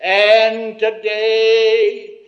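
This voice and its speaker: Slow, grave unseen voice as a preacher puts it on, intoning scripture, muffled lo-fi tape. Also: male voice, high voice, completely flat delivery. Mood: solemn. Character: solemn disembodied male voice, slow and grave. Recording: muffled lo-fi recording.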